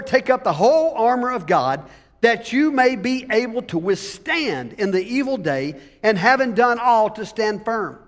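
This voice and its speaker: A man's voice: high voice, fairly bright tone. A male pastor preaching an emphatic sermon and drawing call-and-response from his congregation. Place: church sanctuary. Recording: long church hall reverb.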